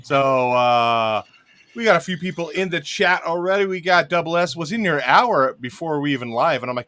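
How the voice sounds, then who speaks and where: A man's voice: a little high, lively intonation, moderate pace, bright, forceful tone. Rambling man hosting a livestream. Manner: rambling, reads out chat comments. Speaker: podcast host. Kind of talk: casual livestream chat.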